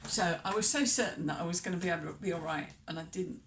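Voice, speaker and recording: Lowish woman vlogger, off-mic. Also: quick pace, a little hiss or hum. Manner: hesitant, many ums, chatty asides. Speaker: travel vlogger. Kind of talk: casual talk to camera. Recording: distant mic.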